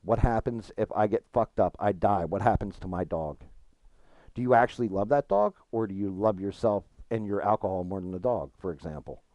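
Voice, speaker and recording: A man's voice: fairly low pitch, a little fast, no room sound, lo-fi sound. A man chatting casually with his stream chat while gaming, frank and profane, rambling and restarting his thoughts.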